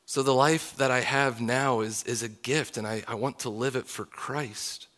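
Earnest guy pastor preaching, confessional, mid-pitched voice. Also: steady tone, moderate pace. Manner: earnest, confessional, closing in soft prayer. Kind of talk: sermon.

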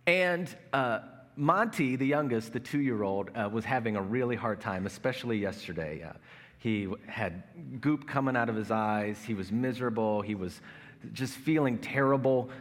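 A man's voice: medium pitch, expressive, normal speed. A man in his thirties preaching a sermon as pastor, conversational and self-mocking, telling family stories. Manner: conversational, self-mocking humor with acted-out anecdotes. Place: large church worship space. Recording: long hall reverb.

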